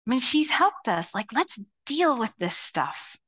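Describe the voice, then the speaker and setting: A middle-aged woman pastor preaching a sermon to her church in a lively, conversational way, acting out quoted voices as she goes. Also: on the high side, unhurried, husky. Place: church sanctuary.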